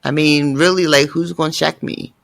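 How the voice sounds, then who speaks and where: A man hosting a casual podcast chat about a book, animated, dramatic and profane as he talks through each chapter. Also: fairly high pitch, normal speed, gravelly. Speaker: podcast host.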